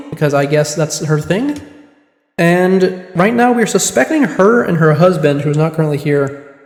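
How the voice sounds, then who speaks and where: A chatty male streamer rambling casually over a courtroom game, quick to poke fun at himself. His voice sits a little high and rings in a roomy space with a long, echoing reverb. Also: a little mellow. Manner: rambling, chatty, self-deprecating. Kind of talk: casual livestream gameplay commentary. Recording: echoey room with long reverb.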